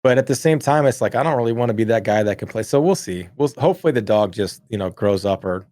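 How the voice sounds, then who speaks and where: A man's voice: fairly low pitch, lively intonation, quick pace, a little mellow, dry recording. Man ranting on a dry podcast mic. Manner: ranting, exaggerated complaints. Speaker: podcast co-host. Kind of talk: casual chat.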